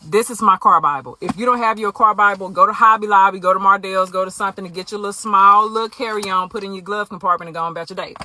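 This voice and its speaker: A woman's voice: mid-range voice, fairly even intonation, fast, hardly any pauses, bright, forceful tone. A woman giving an earnest, conversational faith testimony straight to her viewers. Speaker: Christian vlogger. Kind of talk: candid faith testimony to camera.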